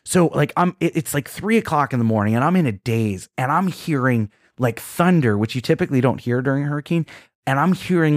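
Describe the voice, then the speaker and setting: A man co-hosting a podcast, telling a rambling, animated story with lots of restarts and quoted asides. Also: medium pitch, brisk, no echo, clean studio sound. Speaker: podcast co-host. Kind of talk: casual chat, storytelling.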